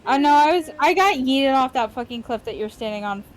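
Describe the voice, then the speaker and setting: A woman's voice: high-pitched, animated, a little fast. A woman streaming a video game, chatting loosely with a friend, swearing now and then and filling gaps with ums. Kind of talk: casual gaming chat.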